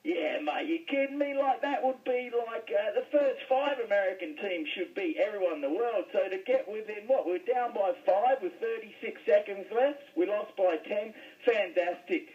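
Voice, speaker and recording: A man's voice: sits high, normal speed, few pauses. An Australian man chatting as a sports guest, laid-back and calling everyone mate. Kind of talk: casual banter. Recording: tinny phone line, distant.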